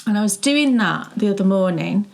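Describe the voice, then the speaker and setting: A woman's voice: mid-range voice, animated, a little fast, vocal fry, darkish tone. A middle-aged woman co-hosting a knitting show, chatting casually and telling stories with frequent laughs. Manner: chatty, storytelling, laughs often. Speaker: podcast co-host.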